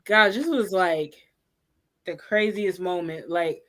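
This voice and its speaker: A woman's voice: fairly low pitch, slow pace, a crowd in the background. A woman hosting a casual storytime chat, recounting events and acting out what people said in a raised voice. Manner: animated, acts out quotes in a raised voice. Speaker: host.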